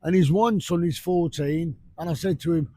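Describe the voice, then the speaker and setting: A man, talking casually for a fishing vlog in a blunt, sweary, ranting way, outdoors on a beach at night by rough surf. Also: a little high, normal speed, warm tone, dry recording. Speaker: fishing vlogger.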